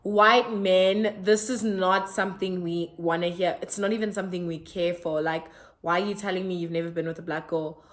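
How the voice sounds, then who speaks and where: A young woman telling a casual storytime, animated and slangy, full of asides. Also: lowish voice, moderate pace. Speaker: vlogger.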